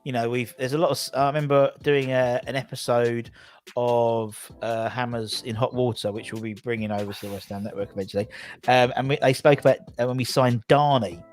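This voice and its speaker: A man's voice: medium pitch, steady tone, a little fast, faint music behind. A man hosting a casual football fan chat show, rambling through stories and reading out viewer comments. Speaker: podcast host.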